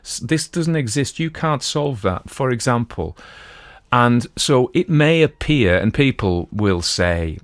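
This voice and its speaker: A man's voice: medium pitch, expressive, slow pace, no room sound, studio quality. A middle-aged man hosting a podcast, chatting casually and digressively about a classic detective story from his home. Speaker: podcast host. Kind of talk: casual talk on classic literature.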